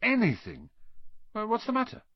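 Narrator puts on a lively, husky-edged schoolboy, eager and chatty, pitched up. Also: male voice, normal speed, no room sound, muffled recording, exaggerated voice. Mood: awed, excited. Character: boy wizard, eager and excitable.

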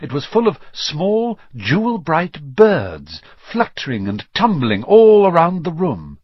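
Male storybook narrator, husky, expressive, pitch moves a lot. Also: slow pace, no echo. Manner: expressive, varied reading. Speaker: audiobook reader. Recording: slightly dull lo-fi recording.

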